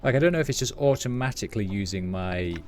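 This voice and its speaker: A man's voice: on the low side, expressive, quick pace, a little mellow. A man streaming a role-playing game, reading its text aloud and reacting in a wry, casual way. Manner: wry, reads descriptions then reacts with casual swearing.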